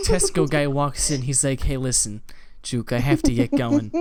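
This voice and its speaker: A man's voice: mid-range voice, huge pitch swings, normal speed, a crowd in the background. A young man streaming live, rambling through a crude improvised story. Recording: loud background noise.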